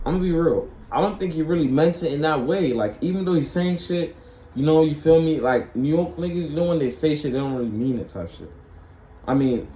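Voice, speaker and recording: A man's voice: mid-range voice, dark tone, reverberant, slight background noise, low-quality recording. A man streaming his casual reaction to a clip, talking in loose slang, rambling and asking "you feel me" again and again.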